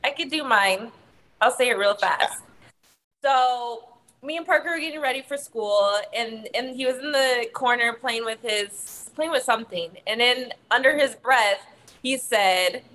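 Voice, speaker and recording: High-voiced woman telling a story, animated. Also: unhurried. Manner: animated, laughing through stories. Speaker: podcast co-host. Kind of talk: casual chat, storytelling.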